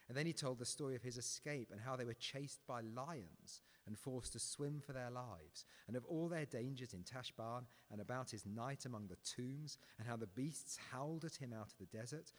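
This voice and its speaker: A man preaching a sermon and reading a story aloud, earnest and quietening toward prayer. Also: mid-range voice. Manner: earnest, quietening to a hushed close. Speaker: pastor. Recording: long reverberant hall.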